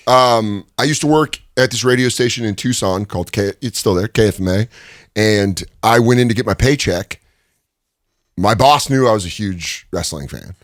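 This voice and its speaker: A man telling stories as a guest in a studio interview, chatty and animated, acting out the people he quotes. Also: moderate pace, no room sound. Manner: animated, chatty, acts out quotes with lots of pitch swings. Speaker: guest, stand-up comedian. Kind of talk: casual storytelling in an interview. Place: podcast studio.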